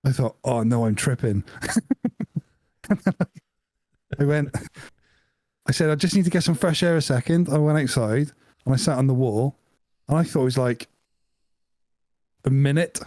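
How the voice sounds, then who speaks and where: A man with a mellow, relaxed tone, chatting casually and spinning a long, meandering story. His voice sounds dry and close, with no room around it. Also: mid-range voice, unhurried, pauses often, no echo. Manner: rambling anecdote with laughs and acted-out quotes. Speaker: podcast co-host.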